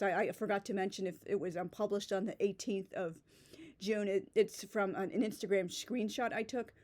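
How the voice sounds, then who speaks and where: A woman's voice: medium pitch, a little mellow. Rambling, sarcastic woman vlogger. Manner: rambling and sarcastic, heavy use of "like". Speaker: blogger reflecting on a writing community. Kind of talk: casual spoken commentary.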